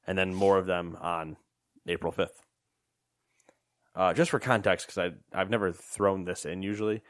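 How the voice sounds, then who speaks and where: A man's voice: deep voice, dry recording, clean studio sound. A young man co-hosting a casual gaming podcast, joking and rambling with lots of fillers. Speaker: podcast co-host. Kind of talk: casual gaming news chat.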